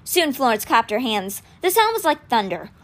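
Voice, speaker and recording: A woman reading a novel aloud for a podcast, telling the story in an expressive way. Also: fairly high pitch, normal speed. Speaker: audiobook reader.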